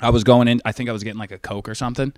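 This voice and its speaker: A man in his thirties trades crude, self-mocking stories in a loose podcast chat. His voice sits in a middling pitch and the recording is very dry, with no room sound around it. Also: steady tone, very fast, no echo. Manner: profane, self-mocking storytelling. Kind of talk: casual comedic chat.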